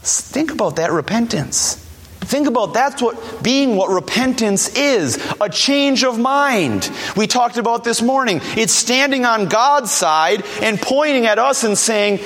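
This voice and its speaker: A man's voice: very high-pitched, expressive, unhurried, a bit bright, in a large hall. A man preaching a sermon, emphatic and repeating key words, dropping his voice to quote scripture.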